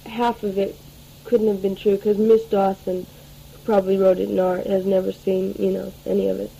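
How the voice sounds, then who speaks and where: A woman's voice: medium pitch, level tone, moderate pace, vocal fry, warm tone, slight background noise, rough recording. A teenage girl rambling through a spoken audio letter to her family, full of fillers and restarts, taped at home. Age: late teens. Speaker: letter writer.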